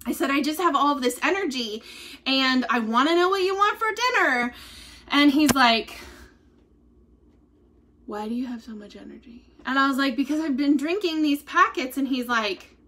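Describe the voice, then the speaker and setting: A woman's voice: sits high, animated, normal speed, pushed and bright. A middle-aged woman chatting casually on a livestream, rambling through stories and laughing often as she digresses. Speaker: vlogger selling wellness drinks.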